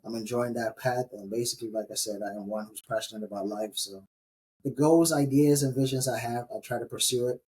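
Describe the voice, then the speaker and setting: A man from Ghana, a podcast guest describing himself in an earnest, measured way. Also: medium pitch, fairly even intonation, a little mellow, slightly rough, low-quality recording. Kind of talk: casual interview talk.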